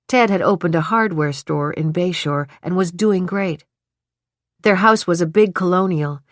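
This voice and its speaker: Low-voiced woman narrating a suspense novel. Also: dry recording, studio quality. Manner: even, measured storytelling with voiced dialogue. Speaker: audiobook narrator. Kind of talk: scripted narration.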